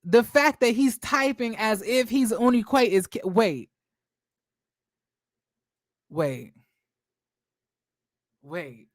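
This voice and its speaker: A man hosting a celebrity gossip commentary, animated and profane, breaking into stammering restarts. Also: very high voice, measured pace, hardly any pauses, no echo, studio quality.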